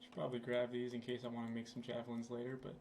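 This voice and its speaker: A young man who hosts a gaming channel rambles casually over his gameplay from his computer, laid-back and full of fillers. His medium-pitched voice is monotone and darkish, and he talks very fast, with a little hiss or hum on the recording.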